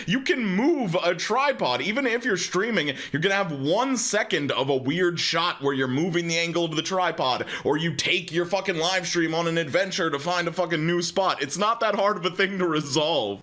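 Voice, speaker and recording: Sarcastic, bright-voiced male reaction host. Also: high voice. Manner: sarcastic, swears freely. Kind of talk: casual commentary.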